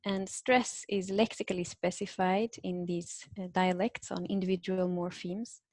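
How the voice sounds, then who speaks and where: A woman from Sweden giving an academic lecture, explaining step by step in a measured way with some fillers. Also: lowish voice, little pitch movement, a little mellow, no echo. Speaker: guest lecturer.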